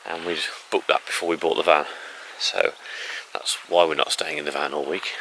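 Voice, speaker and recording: A man's voice: extremely low pitch, steady tone, brisk, pushed and bright, a little hiss or hum, rough recording. A man chatting casually through a travel vlog outdoors in the countryside, rambling a little and laughing now and then. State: out of breath. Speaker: vlogger.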